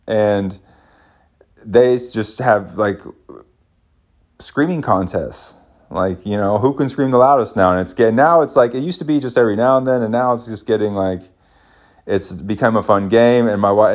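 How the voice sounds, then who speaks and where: A man in his thirties, a stay-at-home dad, talking casually and rambling with many restarts as he thinks aloud. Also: lowish voice. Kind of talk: casual parenting vlog.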